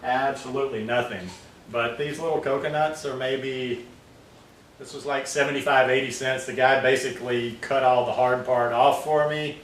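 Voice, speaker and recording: A man's voice: medium pitch, steady tone, moderate pace, a bit bright, slight background noise. A man chatting casually as a vlogger at his home, rambling and full of fillers. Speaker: vlogger making smoothies. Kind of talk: casual chat. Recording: roomy, distant mic, faint ambience.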